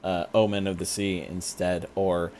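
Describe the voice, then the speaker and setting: Man, low voice, casual podcast chat, hesitant with fillers, faint hiss behind. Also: unhurried. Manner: relaxed, hesitant with many fillers. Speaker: podcast co-host.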